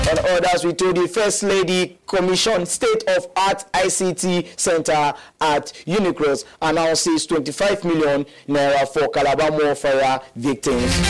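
A man's voice: on the high side, rough recording. Man reading campus radio news. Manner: steady formal news delivery. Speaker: newsreader.

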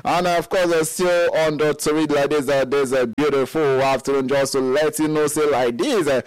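Sing-song Nigerian radio sports host. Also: male voice, a little high, fairly even intonation, clear, resonant tone, no room sound, faint music behind, poor audio. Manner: chatty, sing-song, halting with many fillers.

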